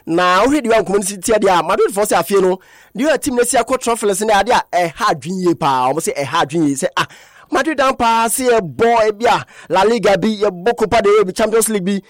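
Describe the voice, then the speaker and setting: Delivering a sports news roundup on radio, a high-voiced man talks fast and now and then lapses into a sing-song lilt. The recording is dry and close-miked in the studio.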